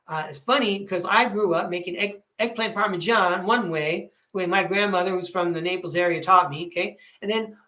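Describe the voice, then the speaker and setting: A man's voice: high-pitched, fairly quick, few pauses, echoey room. Chatty rambling man in his fifties. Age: 50s. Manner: chatty, rambling, animated storyteller. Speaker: podcast host. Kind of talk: casual storytelling monologue.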